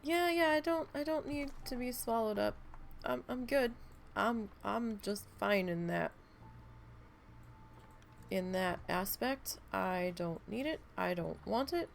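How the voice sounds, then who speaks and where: A woman's voice: mid-range voice, expressive, takes it slowly, vocal fry, slight background noise. A woman live-streaming a game, chatting casually and telling rambling stories with plenty of swearing. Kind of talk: casual live-stream chat while playing.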